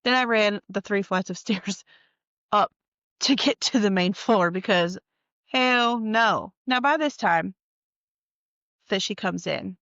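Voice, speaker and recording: A woman from North Carolina tells an eerie story from her own life in a fried, gravelly voice, casual and heavy on swearing. She sounds a little tired and leans in conspiratorially. The recording is dull and lo-fi, with a dry, close sound. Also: mid-range voice, slow, long pauses, a bit bright, dry recording. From North Carolina, USA. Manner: profane, emphatic, conspiratorial. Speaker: storytime vlogger.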